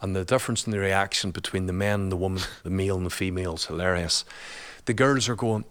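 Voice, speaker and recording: A man's voice: lowish voice, fast talker, few pauses, a bit bright. A man, a guest and father, telling a personal story in a chatty, colloquial way, laughing often.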